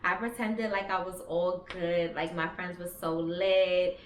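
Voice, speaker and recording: A woman's voice: lowish voice, little pitch movement, unhurried, a little hiss or hum. A woman in her thirties telling a personal story in a candid, chatty way, swearing freely. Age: 30s. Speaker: vlogger. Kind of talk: casual storytelling. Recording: roomy echo with faint ambience.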